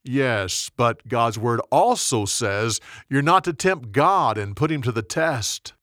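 Gentle, measured male teacher, voiced by a man; slow, dry close mic. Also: mid-range voice, dry recording. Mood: steady. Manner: calm, measured and firm. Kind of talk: storybook narration.

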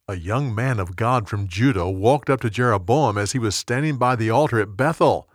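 A man's voice: fairly low pitch, normal speed, few pauses, no echo. Man narrating a storybook in a dry voice. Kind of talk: scripted narration.

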